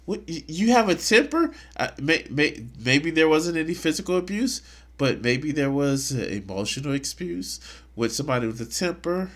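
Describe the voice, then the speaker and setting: A man's voice: on the high side, lively intonation, moderate pace. A man streaming live, commenting on clips in a mocking, crude way. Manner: mocking, crude, bursts into laughter.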